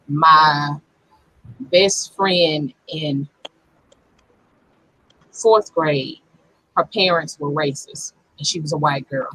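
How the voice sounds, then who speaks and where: Bright, husky-voiced woman sharing earnestly. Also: low voice, low-quality recording. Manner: personal, earnest storytelling. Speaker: panel guest. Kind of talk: casual panel discussion.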